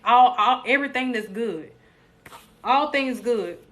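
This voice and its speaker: On a casual live stream, a young woman chats unhurriedly in a bright, forceful voice pitched slightly high. She's animated, joking with her viewers and drifting into preachy encouragement.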